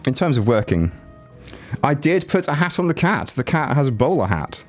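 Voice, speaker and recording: A man with a mid-range voice and big pitch swings speaks at a moderate pace, faint music in the background. He's a YouTuber livestreaming from home with a chest cold that leaves him rattly, rambling and joking with viewers through a desk mic and no headphones.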